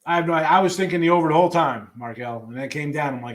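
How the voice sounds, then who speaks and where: Wry, offhand sports betting host. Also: male voice, a little high, fairly even intonation, racing. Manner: offhand, wry asides, trailing restarts. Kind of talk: casual picks rundown, reading live chat.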